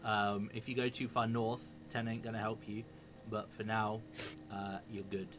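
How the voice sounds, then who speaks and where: A man's voice: fairly low pitch, level tone, normal speed, fairly bright tone, slight background noise. A man narrating as game master of a tabletop game, laid-back and self-mocking, sometimes tripping over his words.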